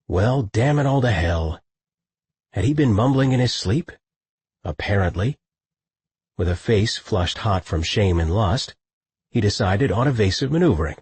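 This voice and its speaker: Husky male audiobook narrator. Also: lowish voice, no room sound. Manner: steady, measured storytelling. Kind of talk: scripted narration.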